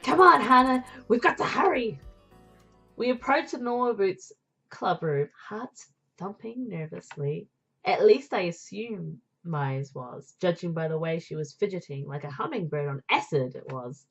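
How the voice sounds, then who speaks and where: A woman reading a visual novel aloud as narrator, with chatty, playful asides and a breathy voice. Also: lowish voice, animated, a little slow, soft background music, low-quality recording. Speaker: game narrator and player.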